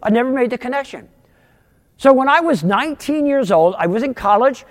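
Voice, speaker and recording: Animated older man telling his testimony. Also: fairly quick, in a large hall. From outside Philadelphia, US. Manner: animated storytelling, wide pitch swings, rising for punchlines. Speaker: guest speaker giving testimony. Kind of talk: sermon testimony.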